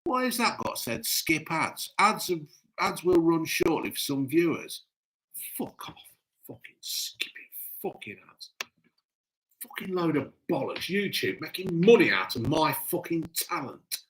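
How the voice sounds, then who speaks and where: A man hosts a live stream, reading chat aloud in blunt, crude casual talk, gruff and cheerfully crude. His voice is fairly high with big pitch swings, unhurried and fairly bright, on a rough recording.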